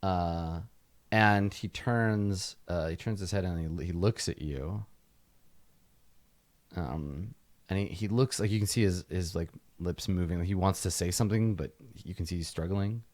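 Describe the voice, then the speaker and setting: Man, game master, tabletop narration, halting, low-pitched, dry close sound. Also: a little mellow, dry recording. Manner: halting, lots of fillers and restarts.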